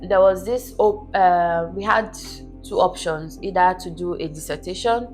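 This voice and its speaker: Woman, interview guest, fairly low voice, earnest and conversational, faint music in the background. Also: moderate pace. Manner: earnest, keeps checking in with "do you understand?". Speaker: podcast guest. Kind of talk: casual interview storytelling.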